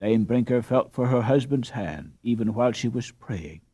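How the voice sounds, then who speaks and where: A man narrating a classic children's novel in a measured, expressive storytelling manner. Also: medium pitch, breathy edge, no echo, clean studio sound. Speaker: audiobook narrator. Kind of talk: scripted narration.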